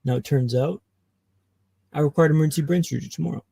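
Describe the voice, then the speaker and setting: A man from Canada, a podcast guest, telling his own story with dramatic pauses. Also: on the high side, gravelly, warm tone, breathy edge, no room sound, poor audio. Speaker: guest speaker.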